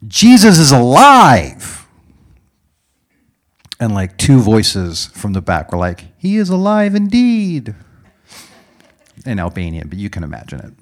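A man preaching a sermon as a dramatic story, dropping to hushed whispers and rising to loud exclaims. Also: deep voice.

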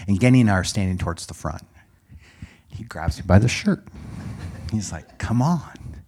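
A man preaching a sermon as a dramatic story, dropping to hushed whispers and rising to loud exclaims. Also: deep voice, normal speed, gravelly, slightly rough.

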